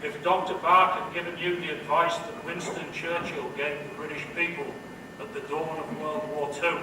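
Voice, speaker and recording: Dry, witty male professor giving a commencement speech, voice a little high, heard from a distance in a noisy hall. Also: flat delivery, normal speed. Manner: dry, witty delivery of jokes and quotes. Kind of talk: humorous commencement address. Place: large indoor hall.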